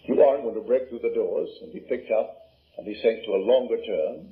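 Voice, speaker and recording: A man's voice: mid-range voice, a little fast. An older man with a Barbadian accent giving an emphatic spoken lecture, full of rhetorical questions. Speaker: lecturer on scripture and imagination. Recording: tinny lo-fi archive recording.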